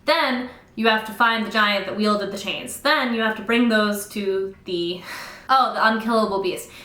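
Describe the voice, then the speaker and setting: A young woman voicing a weary female bloodletter in a flat, dismissive way during a casual book recap. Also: mid-range voice, normal speed, close to an everyday voice. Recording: roomy echo.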